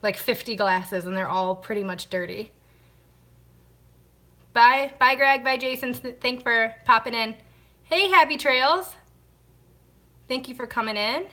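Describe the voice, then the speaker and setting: A woman chats casually on a live stream from home, greeting viewers by name and answering their comments. Her voice is bright and a little sharp. She keeps talking as she washes glasses by hand. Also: a little high, measured pace, pauses often. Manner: talks while washing glasses by hand. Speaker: vlogger hosting a live stream.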